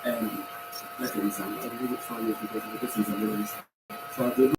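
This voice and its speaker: A man hosting a casual podcast chat, rambling and complaining with animated energy. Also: lowish voice, fairly quick. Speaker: podcast host. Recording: echoey room, far from mic, noisy.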